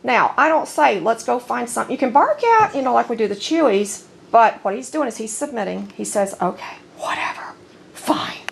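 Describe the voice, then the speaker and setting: A woman's voice: a little high, animated, brisk, vocal fry, hardly any pauses, a little hiss or hum. A woman filming her dogs at home on a handheld camera, chatting in a rambling way between firm commands to them. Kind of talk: casual home video narration. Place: at home, indoors.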